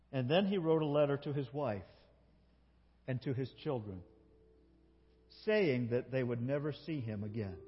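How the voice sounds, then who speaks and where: A man preaching a sermon as a pastor, telling a story and swinging between loud emotional peaks and soft, quiet passages. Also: a little high, breathy edge, long reverb tail, dull audio. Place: church.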